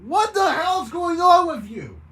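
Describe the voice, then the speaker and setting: A woman voicing a bewildered man who shouts in alarm at his transforming friend. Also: a bass voice, very animated, slow, exaggerated voice.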